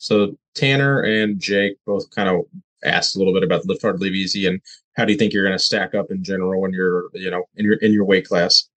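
A man's voice: low voice, steady tone, a little fast, fairly bright tone, poor audio. A man co-hosting a casual podcast, reading out listener questions and swearing freely as he talks. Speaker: podcast co-host. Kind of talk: casual chat.

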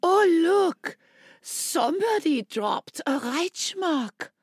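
A woman voicing a sly foreign woman from a comic strip, attempting a halting foreign accent. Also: very high-pitched, sing-song, dry recording, studio quality, pitched above the performer's own voice, heavily acted. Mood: coy.

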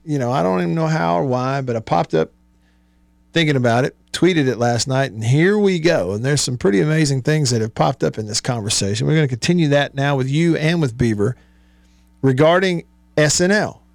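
A man's voice: mid-range voice, expressive, a little fast, gravelly, no echo. A man hosting a radio talk show, chatting loosely, laughing often and reading sponsor plugs. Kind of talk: casual sports-talk radio chat. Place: radio studio.

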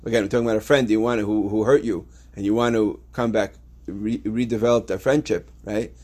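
Man, yeshiva teacher, Torah class, lowish voice, restarts often, explains step by step. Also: fairly even intonation, a little fast, a little mellow. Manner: explains step by step with frequent restarts, reading Hebrew texts aloud.

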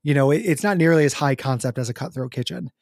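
A man's voice: mid-range voice, fast talker, darkish tone, dry recording. Man with a dry close sound, joking. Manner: joking, crude, laughs often. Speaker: podcast co-host. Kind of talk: casual chat.

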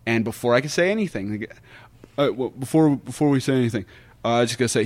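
A man as a podcast guest, telling stories in a casual, animated way and acting out other people's lines. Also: mid-range voice, fast. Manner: animated storyteller who acts out quotes. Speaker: guest wrestler.

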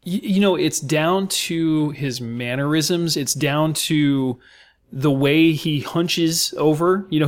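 An American man, a guest on a podcast, talking about a film with emphatic enthusiasm and many fillers. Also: fairly high pitch. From United States. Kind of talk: casual film discussion.

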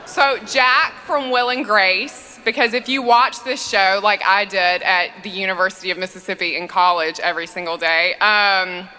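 A woman's voice: medium pitch, steady tone, normal speed, few pauses, pushed and bright, clean tone. A woman priest giving a humorous conference talk in a church, telling stories in a chatty way with frequent fillers. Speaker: priest and speaker. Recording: long reverb in a church.

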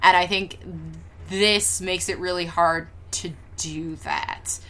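A woman co-hosting a podcast, telling stories in a casual, animated way with laughter and casual swearing. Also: on the low side, slow pace. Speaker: podcast co-host. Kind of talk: casual chat.

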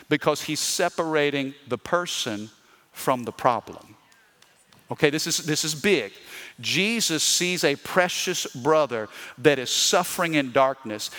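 A man preaches a sermon with a fairly high voice, rising into emphatic bursts and dropping to slow, quiet lines. He calls out to the congregation for amens. His words ring out with a long reverb through a large hall. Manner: dynamic preaching, swinging between loud emphatic bursts and slow hushed lines. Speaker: pastor.

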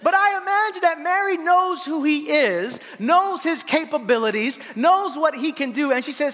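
A male pastor preaching a sermon in an animated, playful way, acting out the lines he quotes. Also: extremely high pitch, moderate pace, few pauses. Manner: animated, playful preaching with laughs and voiced asides. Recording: long hall reverb.

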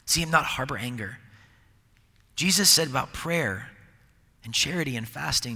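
A middle-aged man preaching a sermon, with a conversational, animated manner and many restarts. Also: medium pitch, moderate pace. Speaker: pastor. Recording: long hall reverb.

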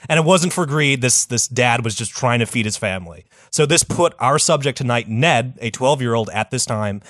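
A man's voice: mid-range voice, animated, normal speed, a bit bright, no room sound, studio quality. A young man co-hosting a comedy podcast, telling a history story in a casual, profane, laid-back way. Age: young adult.

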